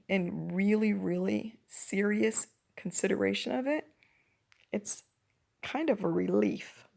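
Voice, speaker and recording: A woman hosting her own show, speaking in a reflective personal monologue, her voice croaky and her thoughts coming in halting restarts. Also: medium pitch, a little mellow. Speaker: podcast host.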